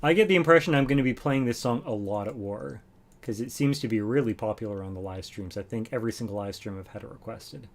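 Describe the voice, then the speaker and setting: A man's voice: medium pitch, quick pace, gravelly, slight background noise. A man hosting a music livestream, chatting casually between songs, thanking viewers and taking requests in an easygoing way. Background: acoustic guitar playing.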